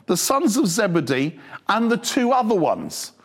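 A male preacher giving a humorous, animated sermon full of storytelling. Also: high-pitched, a little slow, husky.

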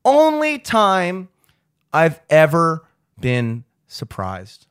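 A man's voice: on the high side, wildly swooping pitch, very slow, smooth, dry recording, clean studio sound. A man in his thirties telling long, profane stories in casual chat as a podcast co-host, filling his talk with "like". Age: 30s. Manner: rambling, profane, heavy use of "like".

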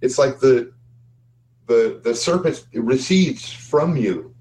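Dude running a tabletop game, calm steady scene descriptions. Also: male voice, medium pitch, slow, a little hiss or hum, rough recording. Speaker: game master.

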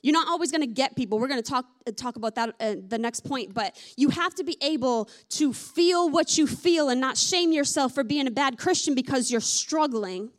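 A woman's voice: high-pitched, normal speed, few pauses. A woman preaching a sermon in a candid, conversational way. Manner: conversational, candid, with many fillers like "like". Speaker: pastor.

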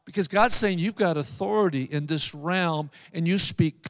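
A man with a high voice preaches a sermon with emphatic, drawn-out phrasing, repeating key lines. His voice rings with a long reverb, as in a large hall. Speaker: pastor.

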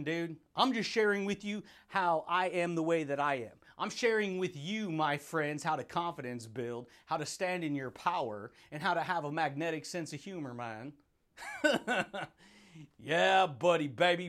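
A high-pitched man hosts a motivational podcast. He talks in a hyped, playful way and breaks into laughter often, calling his listeners buddy and dude. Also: fairly bright tone. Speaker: podcast host.

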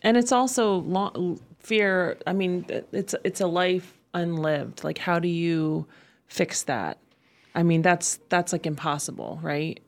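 A woman hosting a radio talk show, chatting casually and reacting warmly to her guest's stories. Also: on the low side. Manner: chatty, quick to laugh and react.

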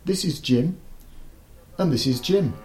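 A man's voice: a little high, lively intonation, a little slow, darkish tone, faint music behind, voice pushed up, poor audio. A man doing a wry young medical student.

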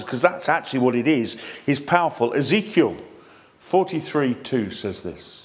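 A man preaching a sermon in an excitable, animated way, with self-deprecating humour. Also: mid-range voice, normal speed.

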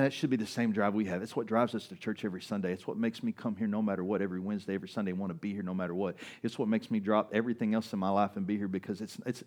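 Preaching as a pastor, a man talks conversationally and keeps asking "right?" His sermon alternates between loud, raised sections and quieter, lower ones.

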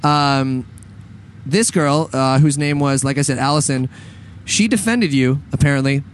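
A man's voice: medium pitch, measured pace, slight background noise. A man co-hosting a casual talk show, rambling with lots of fillers and restarts and laughing often. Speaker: podcast co-host. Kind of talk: casual chat with banter.

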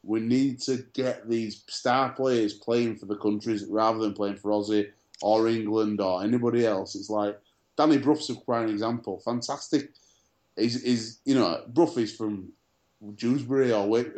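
A man co-hosts a casual sports chat show as a chatty storyteller, his tales full of fillers and restarts. His lowish voice stays steady and a little mellow at a moderate pace.

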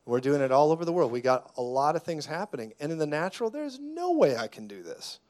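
Guy guest-preaching, highish voice, shouts declarations then goes quiet and intense, cracks jokes. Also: sing-song, quick pace. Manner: jokey, laughs mid-sentence. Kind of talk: sermon.

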